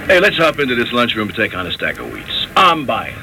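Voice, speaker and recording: An actor playing a slangy, smooth-talking male mob messenger in radio drama style. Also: mid-range voice, wildly swooping pitch, fairly quick, noisy background. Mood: sly. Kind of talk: 1970s radio drama acting.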